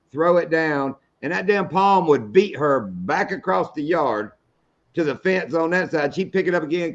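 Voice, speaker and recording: A man's voice: on the high side, lo-fi sound. A middle-aged man hosting a live fishing show, telling stories in a folksy, salty way. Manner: folksy, storytelling, salty language. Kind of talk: casual live-stream chat.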